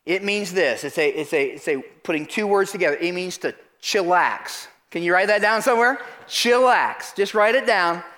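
A man preaching a sermon in church, asking the congregation questions and urging them to answer out loud. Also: sits high, normal speed, hardly any pauses. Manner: animated, calls out questions to the congregation. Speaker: pastor. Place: church sanctuary.

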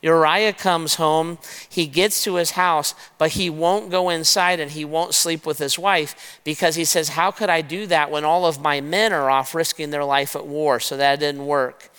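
A man preaching a sermon, retelling a scripture story in a lively way and talking straight to his listeners as "guys". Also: on the high side, moderate pace, smooth. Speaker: pastor. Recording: long reverb of a large hall.

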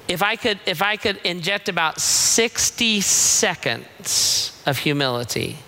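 A man's voice: high-pitched, big pitch swings, unhurried, pushed and bright. A middle-aged man preaching a sermon as pastor, emphatic and playful, acting out the voices of God and of people in the quotes he tells.

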